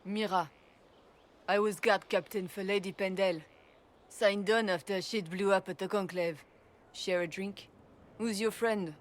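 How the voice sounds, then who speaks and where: A woman's voice: medium pitch, fairly even intonation, unhurried, long pauses, natural voice. A woman voicing a devout former guard captain in a video game, speaking earnestly. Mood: friendly.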